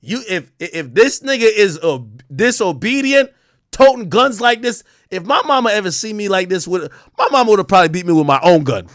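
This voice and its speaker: A man with a fairly high speaking voice rants through a livestream in heated, profane commentary. His pitch swings widely as he jumps from loud outbursts to muttering asides. The sound is close and dry, with no room echo. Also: animated, brisk. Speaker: livestream host.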